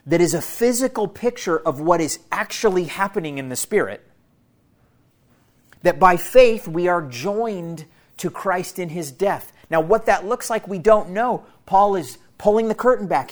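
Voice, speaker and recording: A pastor preaches to his church in an earnest, teaching way, repeating key phrases for emphasis and addressing his listeners as family. His voice is high and expressive, at a normal speed.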